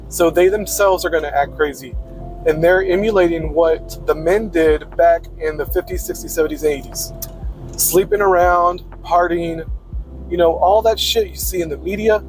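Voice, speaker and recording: A man with a high-pitched voice talks in a blunt, preachy monologue and swears freely. Music plays clearly behind him. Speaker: podcaster. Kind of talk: casual monologue.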